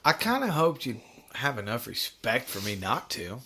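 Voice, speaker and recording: A man's voice: mid-range voice, big pitch swings, normal speed, pushed and bright, slight background noise. A man with a Kentucky accent hosting a podcast, teasing and swearing casually with his guest. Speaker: podcast host. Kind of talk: casual chat.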